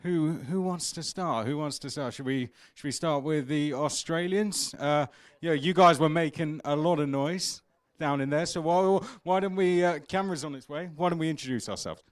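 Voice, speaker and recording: A man's voice: fairly high pitch, moderate pace, few pauses, clean tone, no room sound. A man interviewing drivers outdoors at a kart track in casual chat, upbeat and rallying, with many fillers and restarts.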